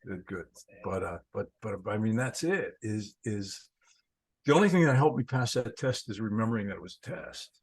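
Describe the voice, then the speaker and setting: A man's voice: fairly low pitch, expressive, moderate pace, slightly rough, poor audio. A man giving a casual spiritual talk, telling stories in a conversational way and often repeating words as he gathers his thoughts. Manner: storytelling, conversational, repeats words while thinking. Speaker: spiritual teacher.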